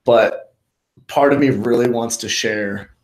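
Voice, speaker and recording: A man's voice: mid-range voice, a little slow, rough recording. A man co-hosting a casual podcast, prodding his friend to tell a story and easily amused by it. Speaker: podcast co-host. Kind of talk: casual chat.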